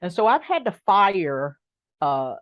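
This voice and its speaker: Middle-aged woman, low voice, frank and emphatic, dull lo-fi dry sound. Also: very animated, takes it slowly, no room sound. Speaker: guest. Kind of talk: conversational interview.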